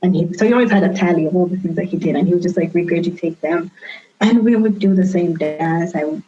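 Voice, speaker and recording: A woman guest telling her own story candidly in a reflective way, often pausing and restarting her sentences. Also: on the low side, dark tone. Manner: reflective, with frequent fillers and restarts. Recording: dull lo-fi sound.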